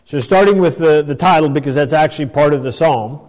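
A man's voice: a little high, fairly quick, a little mellow. A man teaching a Bible passage as a pastor, thoughtful, often restarting and explaining phrase by phrase. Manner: thoughtful, with frequent restarts and asides. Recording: echoey hall with long reverb.

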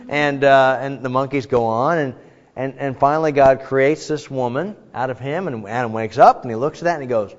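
A man preaching a relaxed, conversational sermon in a church, joking and often pausing on fillers. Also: medium pitch. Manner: chatty and joking, frequent fillers. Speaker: pastor. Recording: echoey hall, dull sound.

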